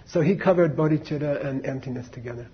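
Male teacher, husky, chatty storyteller with asides, dull recording. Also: fairly high pitch, fast. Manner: conversational, many fillers and asides to the audience. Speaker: Buddhist teacher. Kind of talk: casual dharma talk, storytelling.

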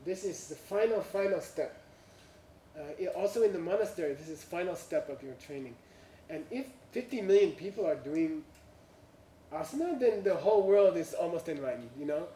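A man's voice: a little high, animated, normal speed, dark tone, slight background noise. A man telling an anecdote to an audience in non-native English, chuckling through his punchlines. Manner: chuckles through punchlines, with frequent "you know" and "uh". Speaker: speaker telling a story to an audience. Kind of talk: anecdotal storytelling talk. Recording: roomy, from a distance.

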